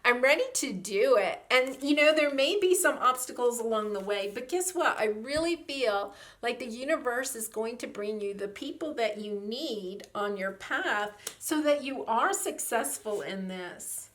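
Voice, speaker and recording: Woman, tarot reader, gushing and warm-hearted in delivery, slightly high voice. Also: expressive, unhurried, few pauses. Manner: effusive and gushing, with frequent fillers. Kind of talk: tarot reading monologue.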